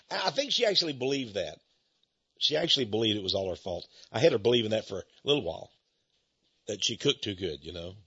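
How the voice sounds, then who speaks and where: Gravelly folksy radio host. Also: male voice, lowish voice, sing-song, a little fast, long pauses, sharp tone, no room sound, highs cut off. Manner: chuckling, teasing, folksy storyteller. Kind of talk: folksy rambling radio talk.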